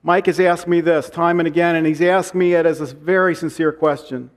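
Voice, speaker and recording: Casting: pastor, man, high voice, preaching a sermon with deliberate repetition. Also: fairly even intonation. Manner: slows and repeats lines for emphasis; reads scripture aloud.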